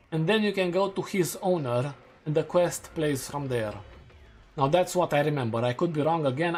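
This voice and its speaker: Rambling gaming streamer. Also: male voice, a little high, slight background noise. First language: Romanian. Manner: rambling, thinking aloud, hedging and correcting himself. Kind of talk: casual live-stream chat while gaming.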